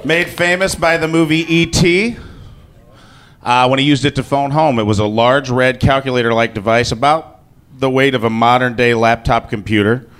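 A man's voice: medium pitch, normal speed, fairly bright tone, clean tone. A man telling a personal story to an audience in a casual, joking way, swearing freely. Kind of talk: live comic personal storytelling.

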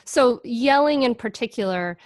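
A woman hosting a podcast in casual conversation, animated and relatable, using lots of fillers. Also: a little high, moderate pace, no echo, studio quality. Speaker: podcast host.

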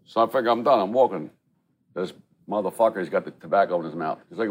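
A middle-aged man talks quickly in a low voice. He is blunt and profane, telling stories across a restaurant table in a casual chat. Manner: profane, blunt, street-talking. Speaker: podcast co-host.

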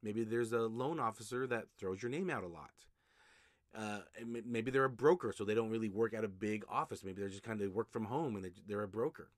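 A man with a lowish voice hosts a solo podcast, recorded in clean studio sound with no room echo, and talks briskly. As a notary signing agent, he gives casual, conversational advice, repeating points and often restarting sentences with plenty of fillers.

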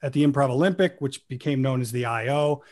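A man guest actor telling lively stories and acting out quoted lines, with an improv comedy background. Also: medium pitch, quick pace. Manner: animated, acts out quoted lines with laughs. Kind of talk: casual storytelling.

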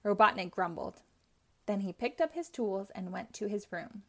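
A woman reading a chapter book aloud for children in a clear, steady storytelling manner. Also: medium pitch, unhurried. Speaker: storybook reader. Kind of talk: children's read-aloud narration.

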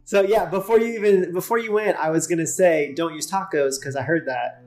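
A man's voice: sits high, fairly even intonation, brisk, a little mellow, faint music behind. Easygoing man guest telling stories. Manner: easygoing, many fillers like "like". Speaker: podcast guest. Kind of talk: casual conversational storytelling.

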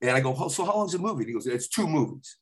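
Man guest, animated storyteller, swoops in pitch, loose rambling delivery with restarts. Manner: animated, slips into quick celebrity impressions and quoted voices. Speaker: podcast guest, impressionist. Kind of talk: casual storytelling chat.

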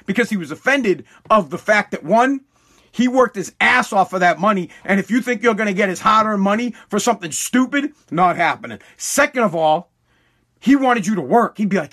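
Profane high-voiced man. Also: a little fast. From Massachusetts. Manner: blunt, profane, animated storytelling with restarts. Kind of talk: casual storytelling monologue.

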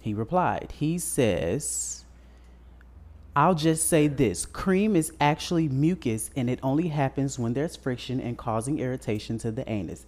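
A man's voice: medium pitch, expressive, a little slow, a little mellow. A man co-hosting a podcast in a casual chat, telling a story bluntly with crude slang. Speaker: podcast co-host.

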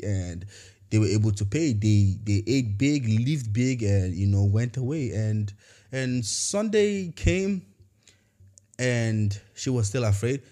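Gravelly low-voiced man giving casual pep talk. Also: warm tone. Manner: conversational, many fillers and restarts; acts out quoted voices in storytelling. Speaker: podcast host.

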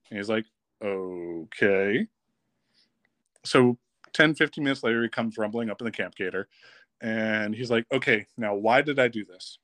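A man tells a camp story on a podcast, lively and casual, often breaking into laughter. His voice sits at an ordinary male pitch. The sound is dry and close, with no room echo. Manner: lively, laughs while telling stories. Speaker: podcast guest, former camp counselor.

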